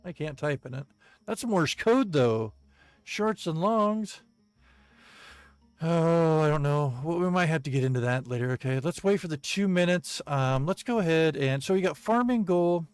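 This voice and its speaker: Gaming channel host, male, slightly high-pitched, hesitant delivery full of fillers, soft music underneath. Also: lively intonation, clear, resonant tone, no echo. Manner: halting, many ums and uhs, chuckles at comments. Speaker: gaming video creator. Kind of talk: casual gameplay commentary, reading viewer comments.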